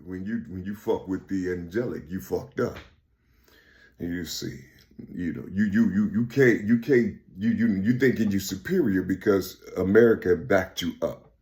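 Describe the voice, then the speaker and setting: A man in a rambling, profane monologue who keeps repeating "you see" and swings between loud outbursts and quiet muttering. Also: low voice, moderate pace.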